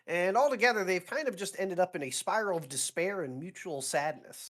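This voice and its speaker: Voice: mid-range voice, brisk, voice pushed up, lightly acted. A player with a sore throat voicing an earnest young male pilot lieutenant in a tabletop role-play, answering with polite, clipped military replies. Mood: dutiful.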